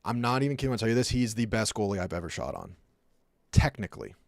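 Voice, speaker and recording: A man's voice: lowish voice, lively intonation, fast, dry recording, studio quality. A young man streaming, casually talking through hockey clips in a chatty, rambling way with lots of fillers. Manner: chatty, rambling, acts out sounds, many fillers. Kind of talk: casual commentary.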